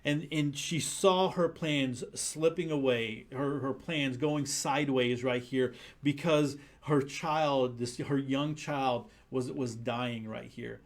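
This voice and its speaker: A man's voice: mid-range voice, steady tone, slow, few pauses. A man preaching a conversational sermon, earnest and full of restarts. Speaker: pastor.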